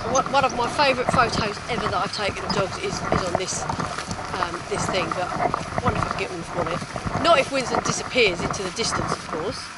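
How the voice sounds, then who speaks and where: A woman's voice: medium pitch, fairly quick. A woman dog trainer chatting on a live-streamed walk in a park, praising her dogs in a sing-song voice. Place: outdoors in a park. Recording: outdoor phone stream with loud noise. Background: loud outdoor noise.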